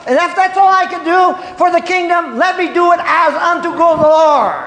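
High-voiced preacher in an echoey hall. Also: male voice, moderate pace, crowd noise. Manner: folksy storytelling with frequent "Hello?" and "Hallelujah" call-outs and chuckles. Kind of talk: sermon. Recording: echoey hall with long reverb and faint room noise.

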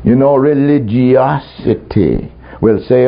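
A man's voice: mid-range voice, a little slow, few pauses, slight background noise. A man preaching a testimony sermon to a congregation, telling his story and laughing often. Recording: muffled recording with faint ambience.

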